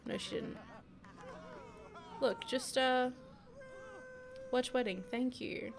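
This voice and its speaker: Giggly young woman, gravelly voice. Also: a little high, fairly even intonation, takes it slowly, slight background noise. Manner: chatty, giggly, reacting to the game. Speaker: gaming video creator. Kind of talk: casual gameplay commentary.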